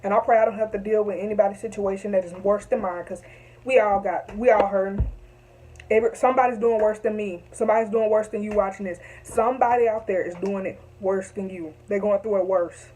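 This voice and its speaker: A woman's voice: medium pitch, steady tone, a little fast, warm tone, husky, poor audio. A young woman telling a story to camera, emphatic and repetitive, heated at times. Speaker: vlogger.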